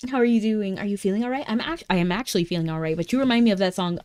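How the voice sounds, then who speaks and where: A young woman streaming a game chats casually and bubbly with her viewers, talking very fast with few pauses in a mid-range, darkish voice. Faint game music plays in the background.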